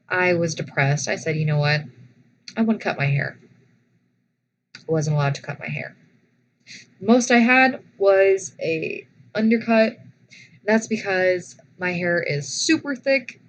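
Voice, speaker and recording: A young woman talks slowly and a little low as she spins a casual personal story for her vlog. Her retelling is animated and dramatic, with frequent restarts. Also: a little hiss or hum, poor audio. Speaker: vlogger.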